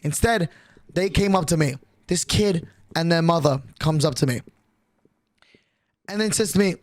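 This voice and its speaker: A young man streaming, telling a long story in an excitable, profane way and acting out the other people's lines. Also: fairly high pitch, normal speed, pauses often, no echo. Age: young adult.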